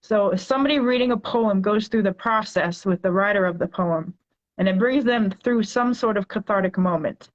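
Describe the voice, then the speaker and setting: A woman in her forties, a poet guest, talking in a chatty, animated way with lots of filler words. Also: medium pitch, moderate pace, highs cut off. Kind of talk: casual interview chat.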